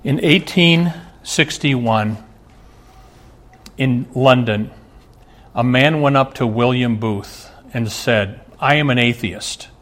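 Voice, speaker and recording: A man's voice: medium pitch, slow pace, pauses often, a bit bright. Earnest male pastor preaching. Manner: earnest preaching with rhetorical questions. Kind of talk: sermon.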